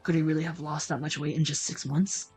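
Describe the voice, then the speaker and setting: A woman's voice: deep voice, little pitch movement, brisk, darkish tone, breathy edge, soft background music, pitched below the performer's own voice. A woman voicing a playful, cheeky young male police officer in a video game, with a bouncy, teasing delivery. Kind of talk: reading a video game aloud.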